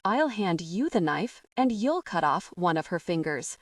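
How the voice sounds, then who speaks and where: A menacing, manipulative storybook king, coaxing and soft-spoken even as he threatens, as a woman reads him in an audiobook. The voice sits a touch low and hushed, dry and set a little back from the mic. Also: unhurried, dry recording. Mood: threatening. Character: menacing male king, coaxing and cruel father. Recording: dry, somewhat distant from the mic.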